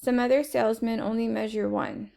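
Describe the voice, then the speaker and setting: A woman reading a children's chapter book aloud in steady first-person narration. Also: fairly high pitch, fairly quick, creaky. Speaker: reader.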